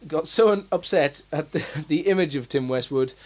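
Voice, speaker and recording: A young man with a slightly higher voice chatting casually about films. He rambles, restarts sentences often and fills the gaps with ums and uhs. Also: normal speed. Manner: rambling, many fillers and restarts. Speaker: podcast co-host. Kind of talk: casual chat.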